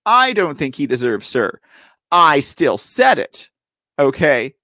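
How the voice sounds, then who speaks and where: A man's voice: fairly high pitch, very animated, slow, no room sound, clean studio sound. Guy hosting a commentary show, bouncy voice all over the place, goofs around and corrects himself a lot. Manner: playful, rambling, self-correcting, keeps saying ladies and gentlemen. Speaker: host of a political commentary show. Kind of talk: casual live commentary.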